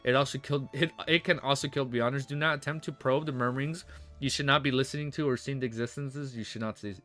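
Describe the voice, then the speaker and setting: A man's voice: medium pitch, fairly even intonation, fast talker, sharp tone, faint music behind, lightly acted. A man reading the lines of a grave male captain who speaks seriously and gives stern warnings.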